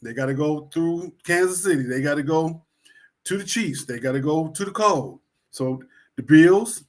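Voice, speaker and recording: A man's voice: a little high, normal speed. A man co-hosting a sports talk show, talking in a laid-back, reflective way in casual chat.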